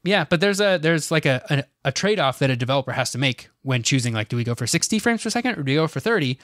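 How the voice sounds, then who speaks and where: A man's voice: on the high side, expressive, fast, fairly bright tone, dry recording, studio quality. A man co-hosting a podcast in casual chat, easygoing and hesitant, with lots of fillers. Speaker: podcast co-host.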